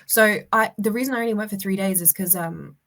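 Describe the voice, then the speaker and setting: A woman's voice: mid-range voice, a little fast, fairly bright tone. A woman telling stories as a guest in a casual chat, restarting sentences as she goes. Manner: chatty storyteller with many restarts.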